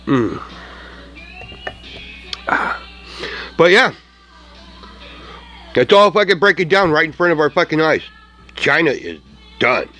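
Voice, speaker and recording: Man, vlogger, profane mocking rant, slightly high voice, very animated pitch. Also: slow pace, pauses often, faint music behind. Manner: angry, mocking, laughs often, heavy swearing.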